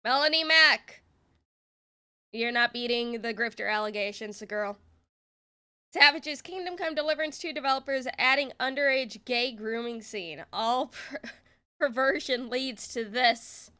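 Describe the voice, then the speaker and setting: A woman's voice: on the high side, a little slow, sharp tone, smooth. A woman streamer giving exasperated, sarcastic reaction commentary and swearing freely.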